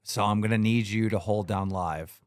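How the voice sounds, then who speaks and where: A man's voice: on the low side, normal speed, no room sound, studio quality. A man hosting a livestream, talking casually in a blunt, profane, scolding way. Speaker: livestream show host.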